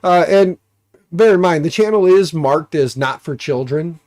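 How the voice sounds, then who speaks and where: A man's voice: on the high side, expressive, unhurried, a little mellow, dry recording, clean studio sound. A man with an American accent and a stuffy, nasal voice, hosting a casual live stream and rambling with jokes and fillers. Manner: rambling, joking, many fillers. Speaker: livestream host.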